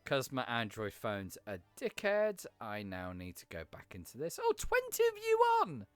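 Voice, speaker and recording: Lively, swearing man streaming games. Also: medium pitch, dry recording. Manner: chatty, swears freely, quick jokes and asides. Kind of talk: casual live-stream chat while gaming.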